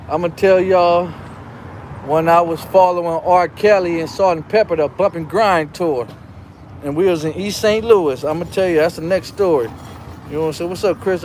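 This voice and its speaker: A man's voice: a little high, darkish tone, a little hiss or hum. A man hosting his own show, telling a rambling, profane personal story in a casual, repetitive way. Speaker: show host.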